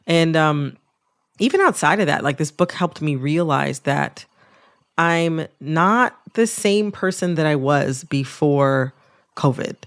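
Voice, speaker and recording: A woman hosting a public radio interview, speaking in a thoughtful, personal and measured way. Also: low voice. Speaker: podcast host.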